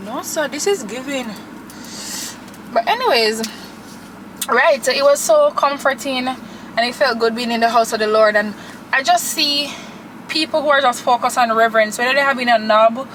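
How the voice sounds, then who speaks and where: A woman's voice: high-pitched, normal speed, pauses often, poor audio. Chatty woman over car hum. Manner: chatty, gushing, animated. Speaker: vlogger. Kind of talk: casual chat to camera.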